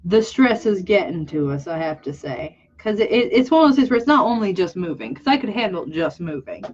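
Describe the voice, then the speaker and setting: This young woman vlogger and artist chats casually while drawing, candid and self-mocking, rambling with frequent restarts and a teary tinge. Her medium-pitched voice swings widely in pitch at a slightly fast pace, recorded in muffled lo-fi audio with slight background noise.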